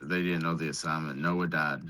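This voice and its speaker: A man with a very low voice chatting on a podcast. He makes relaxed, joking asides between the others' points. The talk is casual and easygoing. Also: normal speed. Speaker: podcast co-host. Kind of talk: casual chat.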